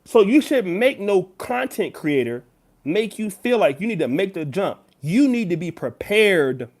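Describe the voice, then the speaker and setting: A man's voice: high voice, big pitch swings, a little slow. A man giving emphatic direct-to-camera commentary as a YouTuber, lecturing the viewer. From United States.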